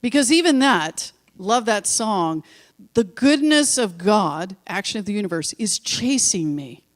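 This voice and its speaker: A woman minister giving a sermon in a church, telling stories with slow, emphatic repetitions and chatty asides to her congregation. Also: mid-range voice, animated. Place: church sanctuary.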